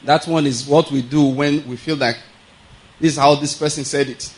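A man's voice: on the high side, fairly even intonation, moderate pace, rough recording. A man preaching a sermon in a conversational teaching manner, often checking that the listeners follow and chuckling as he goes.

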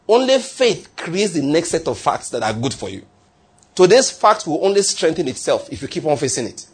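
A man delivering a sermon, pressing his points hard and circling back to repeat key lines for emphasis. His voice sits a touch high and has a husky edge, and he trips over a word now and then. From not from the United States. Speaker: preacher.

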